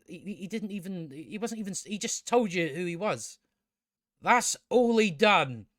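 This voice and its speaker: A man's voice: high-pitched, lively intonation, normal speed, fairly bright tone, no room sound, studio quality. A young man ranting through a casual TV review, exasperated, sweary and repeating himself. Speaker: TV review vlogger.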